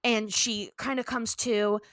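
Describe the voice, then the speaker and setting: A woman co-hosting a podcast, animatedly recapping an episode in casual chat and dipping into quick character voices. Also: a little high, steady tone, fairly bright tone, dry recording, studio quality. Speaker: podcast co-host.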